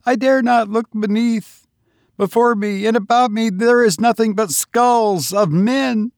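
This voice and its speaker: A man voicing a terrified male pilgrim who pleads in a high, strained, panicked voice. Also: measured pace, dry recording, studio quality.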